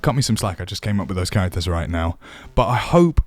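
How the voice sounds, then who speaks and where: A man's voice: low-pitched, animated, quick pace, dry recording, faint music behind. A man teaching voice acting for tabletop games, chatty and self-deprecating. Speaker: dungeon master teaching voice acting. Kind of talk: casual tutorial.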